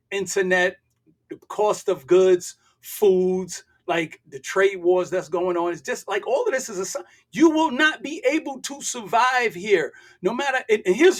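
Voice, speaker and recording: Older man from the US, husky, slightly high, preachy and emphatic. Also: a bit bright. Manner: emphatic, preachy, fires rhetorical questions. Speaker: guest, real estate investor. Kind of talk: casual interview talk.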